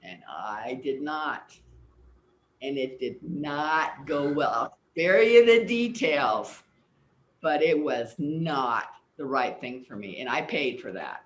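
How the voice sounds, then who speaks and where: A woman's voice: extremely low pitch, animated, slow pace, slight background noise. An older woman, a guest on an interview show, earnestly explaining ideas and telling personal stories, sometimes repeating words as she recalls. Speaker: guest, personal development teacher. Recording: roomy echo.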